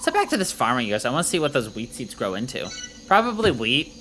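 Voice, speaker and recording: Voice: mid-range voice, sing-song, fast talker, fairly bright tone, faint music behind. A streamer doing a brash valley-girl soldier girl. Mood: hyped. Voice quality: valley-girl slang, bubbly. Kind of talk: reading game dialogue aloud.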